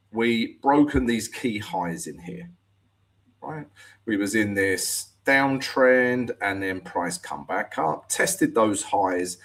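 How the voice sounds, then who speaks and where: A man hosting a live trading show, chatting casually through chart analysis and talking to viewers. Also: fairly low pitch.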